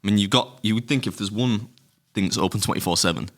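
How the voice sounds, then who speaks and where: Man, middle-aged podcast co-host. Rapid, rambling, sweary delivery with a very deep but bright voice. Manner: rambling anecdotes, frequent swearing and laughter. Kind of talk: casual chat, storytelling.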